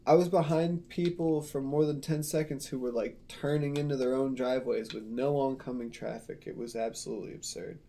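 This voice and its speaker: A man's voice: mid-range voice, fairly even intonation, a little fast, hardly any pauses, dark tone, a little hiss or hum. A man hosting a casual podcast, telling rambling, profane stories. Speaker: podcast host.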